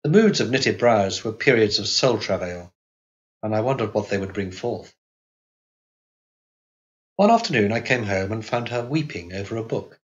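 A man narrating an audiobook in a measured, even reading voice. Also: fairly low pitch, muffled recording. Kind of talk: scripted narration.

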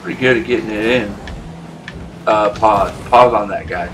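A man commentating his own gameplay casually, ranting and swearing at his teammates, his voice jumping up into yells. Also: fairly low pitch, normal speed, slight background noise. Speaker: gameplay streamer.

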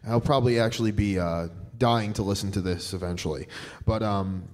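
Rambling New York-accented wrestler. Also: male voice, fairly low pitch, steady tone, fairly quick, a little mellow. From Staten Island, New York. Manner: rambling, filler-heavy storytelling. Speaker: pro wrestler guest. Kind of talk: casual podcast chat. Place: live show venue.

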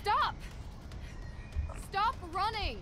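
A woman's voice: very high-pitched, sing-song, very slow, noisy background, heavily acted. A woman voicing a young female amateur detective in a video game, asking earnest questions. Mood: urgent. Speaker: game character.

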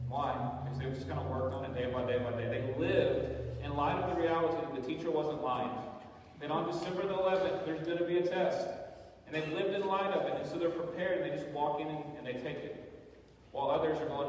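A man's voice: on the high side, brisk, darkish tone, a little hiss or hum. A man preaching a sermon as pastor, in a chatty style that keeps checking in with listeners with asides. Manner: conversational preaching with frequent "right?" asides. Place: church sanctuary. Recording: echoey church hall, voice from far off.

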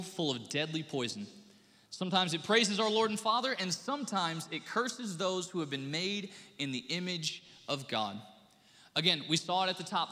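High, bright-voiced preacher in a reverberant hall. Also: male voice. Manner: animated preaching with acted-out quotes. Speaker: pastor. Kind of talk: sermon. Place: church sanctuary. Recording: church hall with long reverb.

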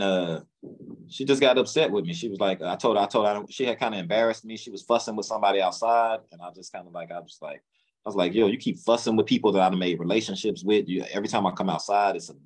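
A middle-aged man, an interview guest, telling his story casually in slangy speech, acting out quotes with sudden jumps in pitch. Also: husky. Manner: loose, slangy, lots of restarts.

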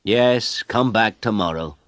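A man's voice: fairly low pitch, slow, fairly bright tone, dry recording, pitched above the performer's own voice. A man reading a storybook aloud, voicing a curt, businesslike male government official.

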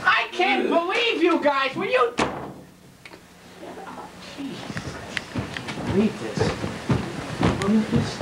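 A man's voice: very high-pitched, big pitch swings, takes it slowly, long pauses, heavily acted. A teenage boy acting as an exasperated, sarcastic homeowner who keeps grumbling about intruders in his house. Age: teens. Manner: exasperated, sarcastic, shouting now and then. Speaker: annoyed homeowner. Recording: hissy lo-fi home video.

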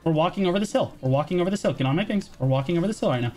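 A man's voice: sits high, expressive, very fast, a little mellow. A man calling the shots in a team game over voice chat, urgent and commanding, repeating every order and swearing. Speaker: guild shotcaller.

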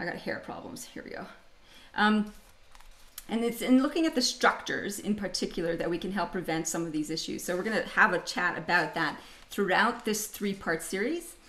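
A middle-aged Canadian woman hosts a leadership webinar over a video call, speaking in a mid-range, slightly bright voice. She is chatty and upbeat and laughs often.

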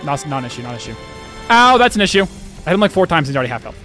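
A young man with a high voice comments on his game live on a home stream, swinging wildly up and down in pitch as he goes. He gets excited fast, swears freely and keeps turning to his chat. Faint game music plays under his desk-mic voice.

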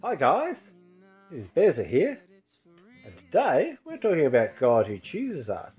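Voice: medium pitch, wildly swooping pitch, a little slow, darkish tone. A presenter giving a short, friendly, earnest testimony to children on a church show. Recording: dull lo-fi sound with faint music.

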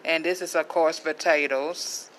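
A woman's voice: deep voice, steady tone, unhurried, slight background noise, poor audio. A middle-aged woman vlogger chatting casually to camera as she shows her food haul, with faith-filled asides.

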